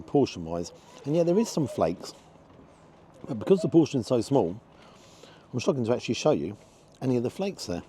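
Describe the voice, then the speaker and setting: A man's voice: mid-range voice, warm tone, slight background noise. A man giving a frank, disappointed running commentary as he tastes food outdoors for his review vlog.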